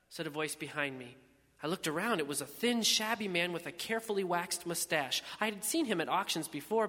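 A man narrating a first-person story in a measured, reflective way. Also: a little high, sharp tone, long reverb tail.

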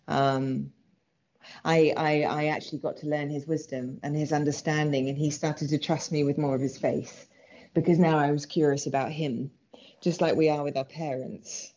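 Casting: British woman guest, very low mellow voice, earnest storyteller, dull lo-fi sound. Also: steady tone, moderate pace. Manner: earnest storytelling, soft laughs. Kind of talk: personal faith testimony.

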